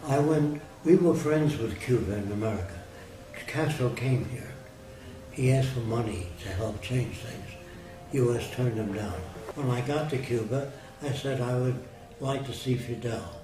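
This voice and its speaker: A man's voice: mid-range voice, unhurried. An older man talking casually, telling plain-spoken anecdotes and giving blunt opinions. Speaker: guest. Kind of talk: casual storytelling conversation. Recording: roomy echo, far mic, music behind.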